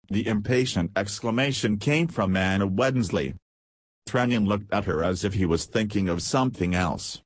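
A man narrating an audiobook in a steady, measured reading. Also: fairly low pitch, no echo.

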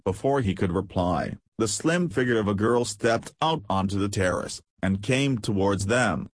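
Male narrator, husky voice, low pitch, dry close sound, steady audiobook reading. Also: normal speed, few pauses, no room sound.

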